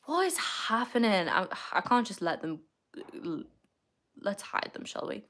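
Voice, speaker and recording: A young British woman with a medium-pitched, slightly bright, very animated voice hosts a casual livestream. Chatty and rambling, she laughs easily as she reads viewer comments aloud.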